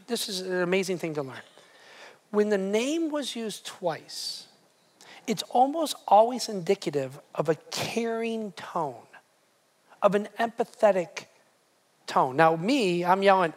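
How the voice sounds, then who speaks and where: A man's voice: high voice, expressive, moderate pace. A man preaching a sermon as pastor, emphatic, often repeating words and asking the congregation direct questions.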